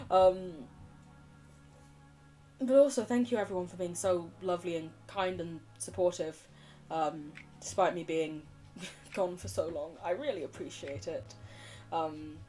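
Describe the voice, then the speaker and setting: A woman's voice: on the low side, slow pace, pauses often, darkish tone, soft background music. A young British woman chatting casually on a gaming livestream, wandering off on tangents and laughing often. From United Kingdom. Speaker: streamer.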